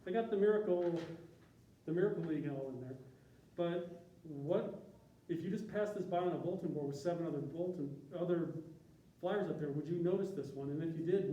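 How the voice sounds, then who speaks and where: A man's voice: fairly high pitch, warm tone, muffled recording. A man from Chicago, a university graphic artist, giving an informal, self-deprecating talk to a class. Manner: self-deprecating, joking, chatty with tangents. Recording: echoey room from a distance.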